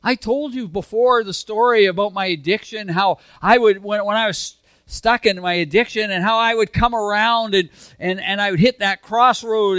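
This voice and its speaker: A man preaching a sermon, earnest and conversational, swinging between emphatic lines and soft, hushed ones. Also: sits high, moderate pace, hardly any pauses, smooth, no room sound. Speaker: pastor.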